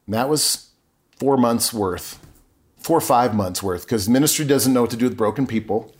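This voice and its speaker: A middle-aged man speaking as a podcast guest at an ordinary mid-range pitch. He tells his story earnestly and with plain emotion, often stopping to restart a sentence. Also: moderate pace. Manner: earnest and emotional, with frequent self-corrections. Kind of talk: candid personal storytelling.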